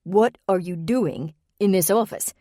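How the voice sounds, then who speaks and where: A woman's voice: medium pitch, unhurried, warm tone, dry recording, clean studio sound, natural voice. Woman voicing a suspicious office man. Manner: probing, blunt questions. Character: wary male office worker, suspicious.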